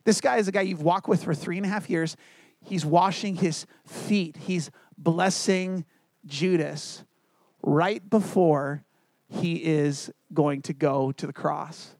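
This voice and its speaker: A man preaching a sermon as a pastor, telling a personal story earnestly and dropping to quiet, low tones for emphasis. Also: fairly even intonation, slow pace, no echo.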